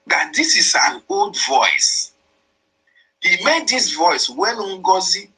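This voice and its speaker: A man's voice: a little high, bright, forceful tone, breathy edge, rough recording. A man, hosting political commentary, who explains a played voice message emphatically and repeats his points. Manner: emphatic, repetitive, explains each line. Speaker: host interpreting a played voice message.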